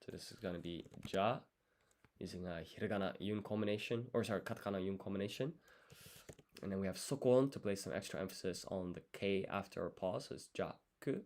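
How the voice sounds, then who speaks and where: A man thinking aloud through a language study session, sounding out foreign words slowly syllable by syllable and muttering self-corrections. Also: low-pitched, darkish tone. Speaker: language learner streaming his study.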